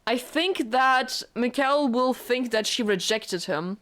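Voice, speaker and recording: A young woman who streams games, reacting to a visual novel on a first playthrough in an excitable, gushing way, swearing and laughing, with faint game music behind her. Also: a little high, slow, few pauses. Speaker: gaming streamer.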